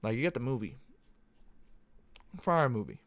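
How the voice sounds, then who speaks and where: A man's voice: mid-range voice, huge pitch swings, normal speed, no echo. A young man hosting a podcast, talking casually in a loose, profane, meandering monologue. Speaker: podcast host. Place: Arizona.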